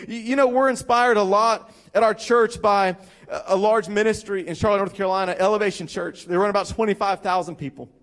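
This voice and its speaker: A young male pastor preaching a sermon, telling a story with lively acted-out quotes and emphatic repetition. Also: very high voice. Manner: animated, acts out quoted voices, repeats for emphasis.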